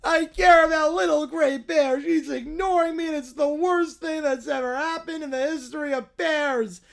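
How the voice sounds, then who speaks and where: A woman's voice: high-pitched, moderate pace, creaky. A woman voicing a lovesick, petulant little male gray bear cub in a cartoon clip, whining and sobbing as it makes demands. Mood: demanding. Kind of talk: AI-generated cartoon video clip.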